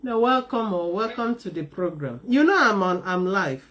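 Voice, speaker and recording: A woman hosting a live call-in talk program, speaking in a measured, emphatic way and repeating key phrases. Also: medium pitch, sing-song, a bit bright.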